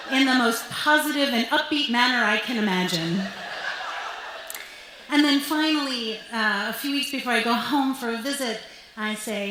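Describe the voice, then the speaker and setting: A woman's voice: a little high, lively intonation, moderate pace, sharp tone. A young woman tells a true story live on a club stage into a microphone, with wry comic timing and an upbeat manner. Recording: heavily echoing club, faint hiss.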